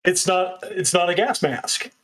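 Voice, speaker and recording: A man's voice: high-pitched, unhurried, a bit bright. A man running a tabletop role-playing game, narrating scenes and explaining rules. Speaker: game master.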